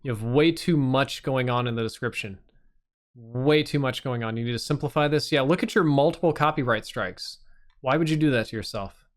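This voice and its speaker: A man's voice: medium pitch, brisk. A man hosting a live stream, reviewing channels with blunt, casual and sometimes profane critique.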